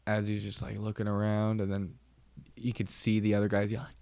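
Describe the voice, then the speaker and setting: Rambling low-voiced man hosting a podcast. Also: completely flat delivery, brisk, darkish tone, no echo. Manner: rambling, wry storytelling with frequent fillers. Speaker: podcast host. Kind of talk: casual solo chat.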